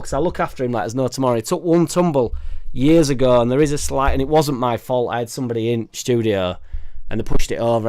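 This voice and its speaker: A man's voice: medium pitch, a little mellow. A man hosting a casual live stream from a home studio, chatting in a rambling, jokey way and reading out viewer comments. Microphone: suspended studio microphone.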